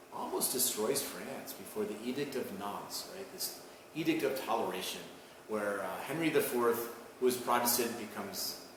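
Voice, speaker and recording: A man with a fairly low voice gives a casual history lecture to students, often adding "okay?" and restarting his phrases. He sounds far from the mic in a very echoey room with a long reverb. A clear layer of background noise runs under his voice. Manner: conversational, asks "okay?" and "right?" often, with restarts. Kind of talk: recorded college lecture.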